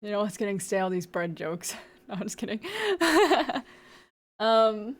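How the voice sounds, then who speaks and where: A woman's voice: medium pitch, lively intonation, a little slow. A woman streamer chatting casually with her viewers, playful and giggly as she teases them. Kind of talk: casual live-stream chat.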